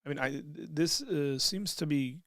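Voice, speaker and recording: A man's voice: on the high side, moderate pace, a bit bright, no room sound, studio quality. A man hosting a casual livestream, reading out chat questions and answering them in a loose, conversational way with frequent restarts.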